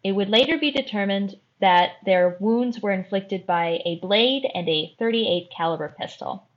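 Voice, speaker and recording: A woman hosting a podcast and telling a true crime story in a careful, measured way. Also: medium pitch, dull audio. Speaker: host.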